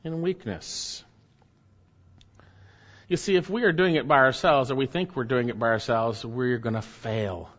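A man's voice: mid-range voice, a little fast, hardly any pauses, fairly bright tone, in a large hall, lo-fi sound. A man preaching a sermon emphatically, swelling up and then dropping to near murmurs. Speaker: pastor.

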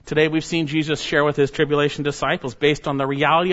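A man preaching a sermon, reading scripture and pressing his listeners with emphatic, urgent rises and hushed drops. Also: fairly high pitch, little pitch movement, quick pace. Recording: dull sound, long reverb of a church hall.

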